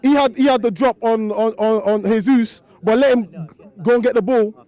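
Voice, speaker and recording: Blunt, cutting high-voiced fan. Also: male voice, moderate pace, mellow. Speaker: football fan. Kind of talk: angry fan rant to camera.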